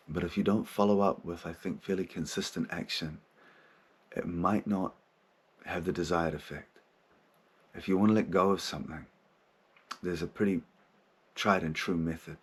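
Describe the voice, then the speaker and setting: A man's voice: deep voice, husky. A man hosting a spiritual podcast, talking frankly and casually, swearing freely. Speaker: podcast host.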